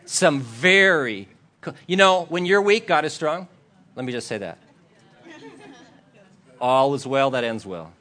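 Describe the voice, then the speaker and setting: Pastor, male, animated storyteller from the pulpit, acts out quotes and laughs. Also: medium pitch, measured pace, long pauses. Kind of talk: storytelling sermon.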